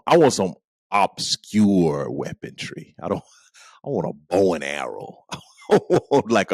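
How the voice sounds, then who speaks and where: A man's voice: fairly low pitch, no echo. A middle-aged man hosting a podcast, joking through a comedic monologue with playful asides and frequent laughter. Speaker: podcast host.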